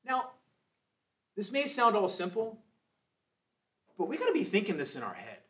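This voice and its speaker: A man's voice: high-pitched, huge pitch swings, moderate pace, fairly bright tone, distant mic. A man in his forties teaching a church Sunday school class, exhorting and telling testimony stories. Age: 40s. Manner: emphatic, exhorting, with testimony asides.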